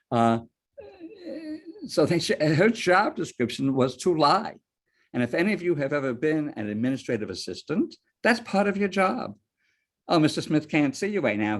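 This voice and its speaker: A man lecturing on ethics, mixing stories with rhetorical questions. His pitch swings widely as he talks, and a gravelly fry runs through his voice. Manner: lively storyteller, rhetorical questions. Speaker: board ethics trainer. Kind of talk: lecture with personal anecdotes.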